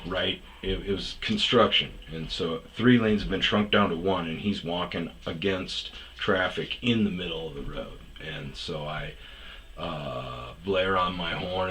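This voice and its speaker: A man's voice: low-pitched, pushed and bright, slight background noise. A man telling a rambling personal story in a casual, profane monologue, raising his voice when he mimics other people. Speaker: storyteller host.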